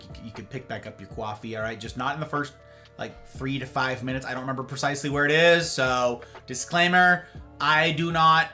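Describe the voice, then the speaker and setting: A man's voice: medium pitch, sharp tone. A man hosting a livestream, chatting casually and reading and answering his viewers' messages aloud. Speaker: livestream host.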